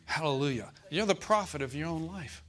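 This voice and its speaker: A man preaching a sermon as pastor, calling out to the congregation and slowing down to stress scripture verses. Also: mid-range voice, animated, a bit bright. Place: church.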